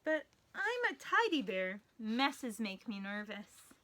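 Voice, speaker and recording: A woman's voice: on the high side, very animated, slow pace, a bit bright, pitched below the performer's own voice, full character voice. A woman voicing a worried, tidy male bear in a storybook read-aloud, talking in a nervous, fretful way.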